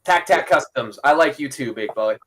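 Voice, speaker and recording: A man's voice: mid-range voice, animated, moderate pace, noisy background. A man co-hosting a podcast in casual chat, rambling with lots of fillers and frequent laughs. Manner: rambling, full of "like" and "you know", laughs often. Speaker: podcast co-host.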